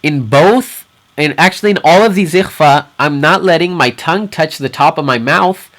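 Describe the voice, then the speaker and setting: A man teaching Quran recitation rules, explaining patiently and repeating each example word slowly so learners can hear it. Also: fairly high pitch, a bit bright. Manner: patient, repeats Arabic words slowly for practice. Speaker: tajweed teacher.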